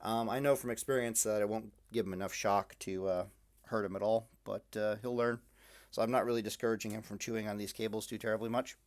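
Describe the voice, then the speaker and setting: A man's voice: lowish voice, steady tone, fast. Rambling man vlogging from his room. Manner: rambling, many fillers, dry self-mocking humor. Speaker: gaming video creator. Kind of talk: casual rambling vlog. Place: his room at home, at night.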